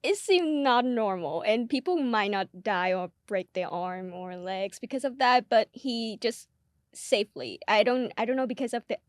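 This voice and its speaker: Hesitant, higher-voiced woman co-host. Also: expressive, normal speed, no echo, studio quality. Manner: hesitant, searching for words, laughs often. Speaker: podcast co-host. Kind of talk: casual film discussion.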